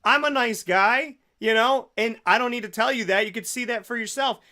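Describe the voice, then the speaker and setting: A man hosting a radio show, telling a comic story in a lively way and acting out the people in it. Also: extremely high pitch, normal speed. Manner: animated, acts out quotes in other voices. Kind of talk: comedic storytelling monologue.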